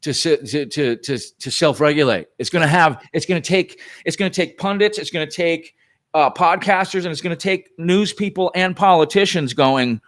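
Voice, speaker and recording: A man speaking as a guest on a casual chat podcast, animated and heated, often restarting his sentences. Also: on the high side, moderate pace.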